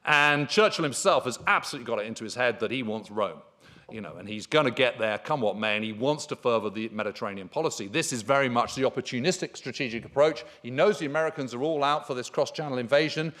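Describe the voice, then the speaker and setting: In a conference hall, a man with a mid-range, fairly bright voice gives a history lecture, speaking a little fast. He's expressive, emphatic, and enthusiastic, with frequent fillers.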